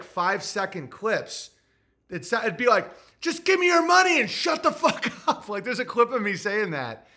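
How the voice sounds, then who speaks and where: A man streaming casually, profane and excitable, laughing often as he reacts to his chat. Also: high voice. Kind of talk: casual stream chat, reading viewer messages.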